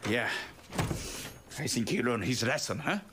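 A man's voice: medium pitch, expressive, measured pace, background noise, natural voice. An actor playing a stubborn, proud immigrant father with a Korean accent, speaking blunt, broken English in a sitcom. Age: older. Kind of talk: sitcom acting.

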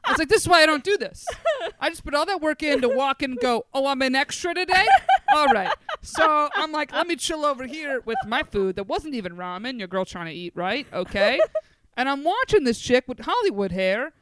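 A woman, co-hosting a podcast and telling animated, profane, self-mocking stories in casual chat. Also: sits high, fairly quick, a little hiss or hum. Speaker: podcast co-host.

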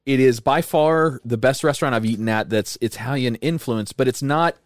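A man co-hosting a podcast in casual chat, animated, laughing often and swearing casually. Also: medium pitch, moderate pace, no room sound, clean studio sound. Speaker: podcast co-host. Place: lives in Florida.

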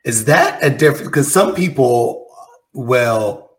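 Soft-spoken male podcast host. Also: medium pitch, slow. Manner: relaxed, filler-heavy, thinking aloud. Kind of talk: casual podcast chat.

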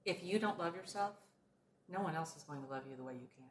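A woman's voice: lowish voice, expressive, fast. A woman co-hosting a casual podcast chat as a coach, talking in an emphatic, motivational way. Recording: roomy with faint background noise.

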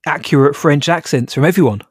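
A man's voice: on the high side, fairly quick, breathy edge, no room sound, clean studio sound. A man co-hosting a podcast, chatting wryly with stammering restarts. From United Kingdom. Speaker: podcast co-host. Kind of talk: casual podcast chat.

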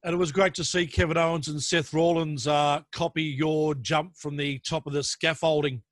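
A man's voice: on the high side, flat delivery, moderate pace, fairly bright tone, no echo. A man interviewing a wrestler on a podcast, asking friendly, leading questions.

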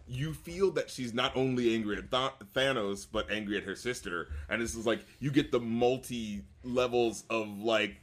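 Male podcast co-host with a mid-range voice, relaxed and rambling. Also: mid-range voice, moderate pace, few pauses. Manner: easygoing, agreeable, rambling. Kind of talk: casual movie discussion.

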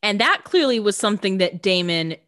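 A woman co-hosting a podcast, chiming in on a TV recap with quick comments and jokes. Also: mid-range voice, expressive, a bit bright. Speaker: podcast co-host. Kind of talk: casual chat.

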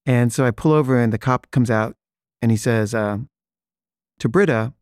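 A man's voice: medium pitch, moderate pace, a little mellow, clear, resonant tone, no echo, clean studio sound. A man casually telling a personal anecdote, rambling with many fillers and chuckles.

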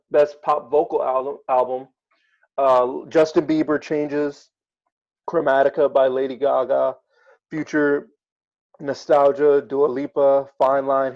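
A man's voice: medium pitch, vocal fry, darkish tone, highs cut off. A man co-hosting a casual chat, talking hesitantly with many ums and uhs. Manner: hesitant, many fillers while reading lists. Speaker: podcast co-host.

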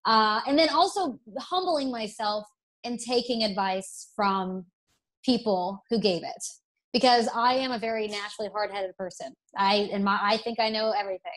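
A young woman from Alabama talks as an interview guest, candid and self-deprecating, with only a faint Southern accent left. Her voice sits at an ordinary middle pitch, and she often breaks off and restarts her sentences. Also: normal speed, a bit bright. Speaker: interview guest, broadcast presenter. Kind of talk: casual interview.

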